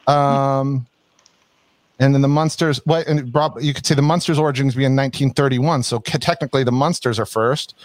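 A man's voice: medium pitch, fairly even intonation, normal speed, no echo. A man co-hosting a casual chat, laid-back and rambling, laughing easily. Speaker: podcast co-host.

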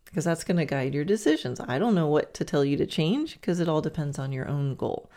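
A woman's voice: deep voice, lively intonation, a little fast, warm tone. A woman hosting a podcast, giving chatty, encouraging coaching advice with playful asides. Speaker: podcast host. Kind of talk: coaching monologue.

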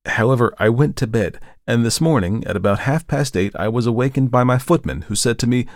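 A man reading a first-person story aloud with measured, steady narration. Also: mid-range voice, no room sound, clean studio sound. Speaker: audiobook narrator.

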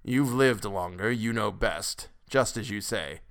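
A man's voice: on the low side, a little slow, fairly bright tone. Man doing a quavering weary old man-baby. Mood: grudging. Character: old man born as a newborn, weary, meek.

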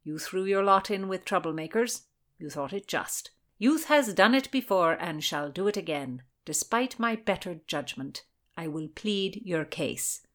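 A woman reading an audiobook, voicing a stern, cynical older noblewoman who speaks with a sharp edge. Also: on the low side, expressive, unhurried. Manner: sharp-edged, cold.

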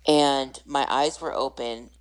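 A woman with a very deep, low-pitched voice tells her personal story as a podcast guest. She sounds earnest and animated, and she laughs at herself as she goes. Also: slow, poor audio. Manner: earnest, animated, self-deprecating humor.

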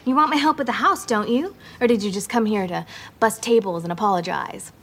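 An actress playing an eccentric, self-assured woman psychic in film dialogue, talking in a brisk, matter-of-fact way. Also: medium pitch, slightly rough.

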